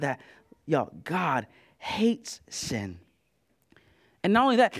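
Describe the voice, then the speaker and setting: A man with a voice that sits high preaches a sermon in an animated, colloquial style, repeating words and tossing asides to the congregation.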